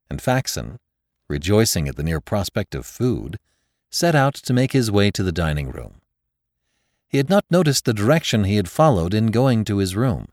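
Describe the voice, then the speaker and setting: A man narrating a classic story in a measured, expressive way. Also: on the low side, no echo, studio quality. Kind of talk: audiobook narration.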